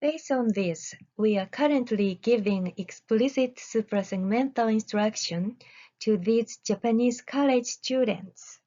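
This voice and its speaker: A woman researcher giving a recorded academic presentation, reading deliberately with careful pauses. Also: a little high, warm tone, dull audio.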